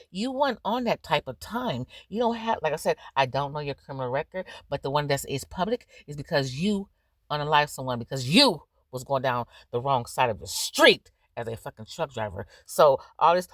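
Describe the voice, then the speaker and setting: A young adult woman hosting a reaction video, giving blunt, profane, animated commentary in casual chat. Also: low voice, normal speed, no echo, clean studio sound.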